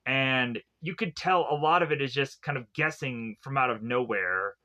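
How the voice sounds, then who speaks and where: Bright-voiced man rambling through a film review. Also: medium pitch, moderate pace. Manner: rambling, filler-heavy retelling with many "like"s and restarts. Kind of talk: casual spoken film review retelling the plot.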